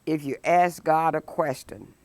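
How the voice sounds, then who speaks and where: A woman teaching a Sunday school lesson, preaching emphatically and breaking into loud exclamations. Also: low-pitched, no room sound. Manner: emphatic, rises to shouted exclamations; slow, deliberate phrasing.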